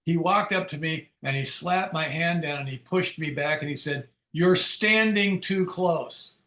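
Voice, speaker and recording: A man's voice: a little high, moderate pace, pushed and bright, echoey room. An older man giving a candid recovery talk at a Big Book study, telling stories and acting out the dialogue in them. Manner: candid storytelling, acts out quoted dialogue.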